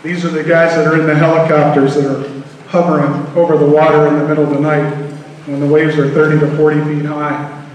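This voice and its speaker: A man, a Coast Guard officer, giving an earnest, measured speech to a public meeting. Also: on the high side, little pitch movement, a little hiss or hum. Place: large hall at a public meeting. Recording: echoey hall from far off.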